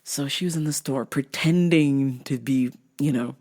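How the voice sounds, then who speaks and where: A woman hosting a podcast, telling a story in a casual, animated, profane way with loud laughs. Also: rumbling low, unhurried. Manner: animated, profane, laughs loudly, squeals in impressions. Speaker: podcast host.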